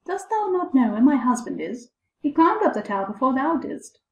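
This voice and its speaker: A woman voicing a sexton's wife who screams out her accusation in a high, frantic voice. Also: very animated, moderate pace, vocal fry, full character voice. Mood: uneasy. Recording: echoey room.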